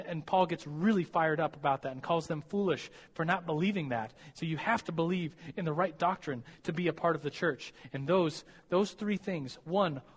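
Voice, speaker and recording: Young man, casual sermon, slightly high voice, giggly and chatty, long hall echo. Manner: chatty and self-deprecating, giggles, stumbles and restarts. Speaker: preacher teaching college students.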